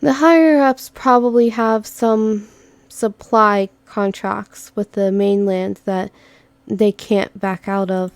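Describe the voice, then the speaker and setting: A woman voicing a low-key, dry companion character in a monotone, deadpan manner. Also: slow, no echo.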